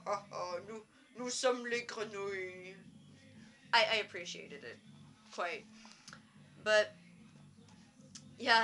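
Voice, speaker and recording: A teenage girl talks casually to camera in a video journal. Her voice is bright and clear, and she rambles along with plenty of fillers. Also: mid-range voice. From Canada. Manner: chatty and rambling, with many fillers. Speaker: vlogger.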